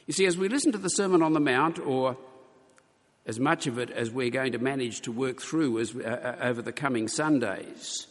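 A man preaching a sermon to his congregation, earnest and emphatic, slowing for weight and stumbling over restarts now and then. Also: mid-range voice. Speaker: pastor. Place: church. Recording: long hall reverb.

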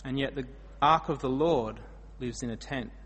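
A man with an Australian accent preaching a sermon, telling the story with dramatic swings between loud and soft. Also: mid-range voice, moderate pace, breathy edge, in a large hall.

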